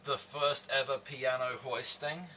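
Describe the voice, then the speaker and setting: A man's voice: mid-range voice, slight background noise. A man from Adelaide with a slight Australian accent, chatting casually with his livestream viewers while he cooks. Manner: slow, relaxed, chatty, greeting viewers. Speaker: livestream host. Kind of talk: casual chat while cooking. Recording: voice somewhat far from the mic.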